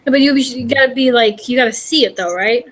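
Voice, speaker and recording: A woman's voice: on the high side, fast, fairly bright tone, low-quality recording. A woman vlogger and host in casual chat, chatty and rambling with many fillers.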